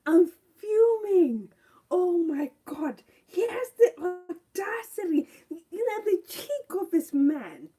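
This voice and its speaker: A woman's voice: extremely high pitch, sing-song, slow, warm tone. A young woman giving a live review of a TV show, ranting indignantly and firing off rhetorical questions.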